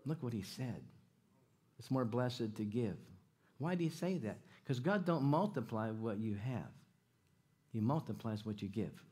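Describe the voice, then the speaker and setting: Male guest preacher, animated and jokey, middle pitch, repeats himself, questions the congregation. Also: a little slow, slightly rough. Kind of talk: sermon with stories and jokes. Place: church sanctuary.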